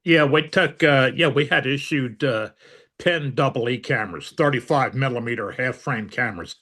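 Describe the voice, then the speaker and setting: A man's voice: medium pitch, normal speed, bright, forceful tone. An older man recounting old memories in an interview, rambling with many fillers and dry humor. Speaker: interviewee, veteran. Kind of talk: storytelling interview.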